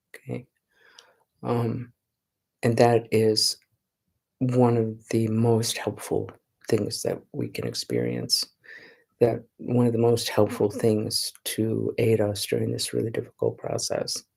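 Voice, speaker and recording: A woman giving a Buddhist dharma talk as a nun, in an unhurried, conversational way that often checks in with her listeners. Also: rumbling low, creaky, dark tone. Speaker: Buddhist nun teaching meditation.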